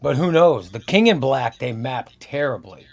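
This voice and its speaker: Lively man reading comic titles aloud. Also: mid-range voice, gravelly, a little hiss or hum. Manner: reads titles aloud and decides quickly. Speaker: comic show host. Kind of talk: casual chat.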